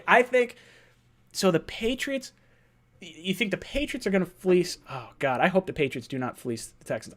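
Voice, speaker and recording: A young man hosting a live sports fan stream, his voice pitched a little high for a man. He talks fast and excitedly, restarting sentences as he thinks aloud and reading out viewer messages. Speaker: host of a fan livestream. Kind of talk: excited livestream sports talk.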